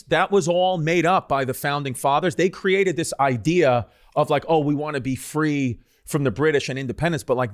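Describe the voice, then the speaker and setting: Man rambling through history with crude jokes. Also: fairly high pitch. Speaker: podcast co-host. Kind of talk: casual chat.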